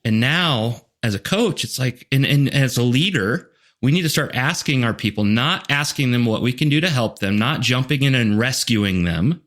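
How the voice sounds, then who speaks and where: At normal speed and with hardly any pauses, a man with a mid-range, slightly bright voice and lively intonation speaks as a leadership coach on a conversational podcast interview. He tells stories earnestly, leans on "like" and "you know," and acts out other people's words in asides.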